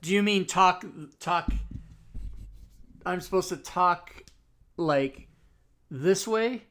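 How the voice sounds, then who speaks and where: Here the dungeon master speaks slowly in a high, somewhat bright voice. Streaming a casual tabletop session from home, he jokes about himself, curses frequently and often drifts back from the desk mic.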